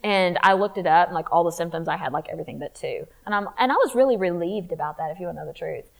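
A woman telling her faith testimony in a candid, animated way, acting out what people said. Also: lowish voice, quick pace, gravelly, low-quality recording. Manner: candid, animated, acts out quotes. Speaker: speaker sharing testimony.

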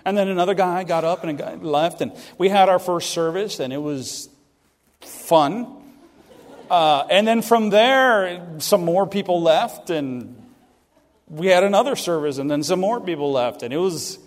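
Middle-aged man, pastor, high voice, animated sermon stories, long reverb. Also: unhurried. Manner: animated, self-deprecating, acts out other people's lines. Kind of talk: sermon storytelling. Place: church sanctuary. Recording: long reverb of a church hall.

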